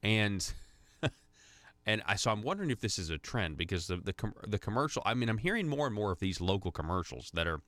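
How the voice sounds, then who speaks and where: A man's voice: lowish voice, big pitch swings, brisk, a bit bright, no echo. A man hosting a conservative talk radio show from a studio, rambling conversationally with many fillers and restarts.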